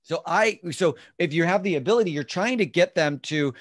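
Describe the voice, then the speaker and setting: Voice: medium pitch, expressive, a little fast, noisy background. An instructor teaching an online class over a video call, explaining step by step and acting out sample lines. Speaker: real estate class instructor.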